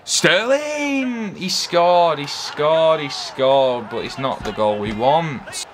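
An English man talks through a football video game in loose, chatty banter, bursting into shouts at the players. His voice sits a touch high and leaps all over the place. A light hiss runs underneath. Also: takes it slowly. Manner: excitable, yells player names, chatty banter. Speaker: gaming video host. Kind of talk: casual commentary while playing.

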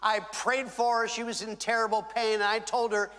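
A man pastor preaching a sermon, with dramatic pauses and acted-out quotes. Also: high voice, flat delivery, sharp tone. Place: large church hall. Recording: reverberant church hall.

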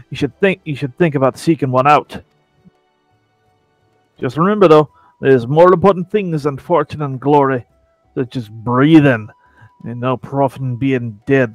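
A man putting on a rough-talking sea adventurer. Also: on the high side, no room sound, pitched below the performer's own voice, close to an everyday voice. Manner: folksy drawl with put-on rough accent. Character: rough-talking male seafaring adventurer, worldly. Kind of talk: voicing game dialogue in a Let's Play.

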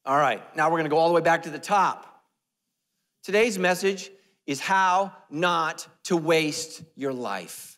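A man preaching a sermon as pastor, animated and joking, dropping to a hush and jumping up loud. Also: a little high, unhurried, big-room sound. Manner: animated, joking, swings between loud and hushed. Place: church sanctuary.

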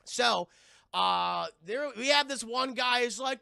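A man streaming live, recapping a film casually, profane and excitable, and talking to his chat throughout. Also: very high voice, slow, vocal fry, clean tone, dry recording, studio quality.

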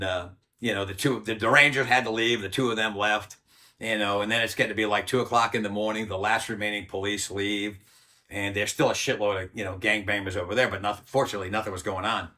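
Older guy in his 60s telling a story, bright punchy voice, swears a lot, acts out the quotes. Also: fairly low pitch, steady tone, fairly quick. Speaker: interview guest, former Army Ranger. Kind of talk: casual storytelling interview.

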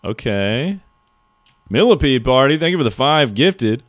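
A man's voice: medium pitch, big pitch swings, unhurried, no room sound. A young man streaming a horror game live, joking loosely and reading out chat. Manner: jokey, reacts to chat and thanks subscribers.

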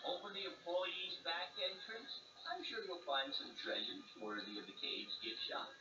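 A man's voice: high-pitched, big pitch swings, normal speed, lo-fi sound. A jittery salesman shopkeeper. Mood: jittery pitch. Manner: stammering, salesman-pushy. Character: nervous fast-talking male souvenir-shop keeper. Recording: distant roomy game audio with music.

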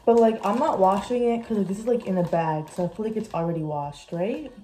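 Warm in tone and fairly quick, a young woman of medium pitch talks casually as she vlogs herself cooking at home. Scattered and full of "like," she chats from her kitchen while music plays underneath. The recording quality is rough.

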